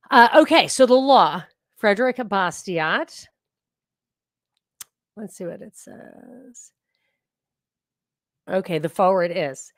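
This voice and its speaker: A woman's voice: medium pitch, no echo. Chatty woman podcast host, dry sound. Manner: chatty and digressive, with frequent restarts. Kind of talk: casual book reading and discussion.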